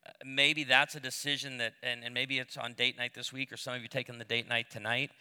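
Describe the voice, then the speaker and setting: A middle-aged pastor gives a sermon-style talk on marriage to a live audience, telling stories full of humor and self-deprecating asides. His mid-range voice barely moves in pitch and comes across pushed, bright, and smooth, fairly quick, with a big-room sound.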